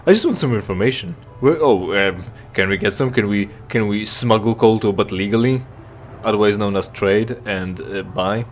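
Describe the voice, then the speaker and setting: A man's voice: fairly low pitch, fairly even intonation, moderate pace, soft background music. A man giving casual, joking commentary while playing a game, rambling with stammered restarts. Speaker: let's play gamer.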